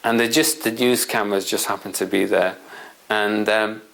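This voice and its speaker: A man's voice: fairly low pitch, steady tone, moderate pace, gravelly, fairly bright tone, poor audio. A man presenting a self-help system, explaining his point through a rambling everyday anecdote with asides to the listener. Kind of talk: explanatory storytelling talk.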